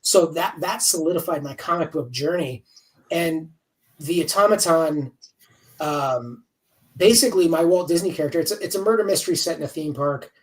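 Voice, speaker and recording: A man's voice: fairly high pitch, normal speed, recorded from a distance, rough recording. Rambling, cursing man in his fifties. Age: 50s. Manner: rambling, candid, swears freely. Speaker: comics writer guest. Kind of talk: casual interview chat.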